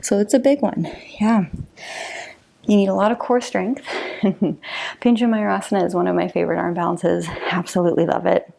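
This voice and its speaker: A woman's voice: fairly low pitch, normal speed, gravelly. A woman leading a yoga class, counting down and cueing each pose, a little out of breath. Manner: counts down and cues poses calmly, with light laughs. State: slightly out of breath. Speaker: yoga instructor. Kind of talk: guided yoga class instruction.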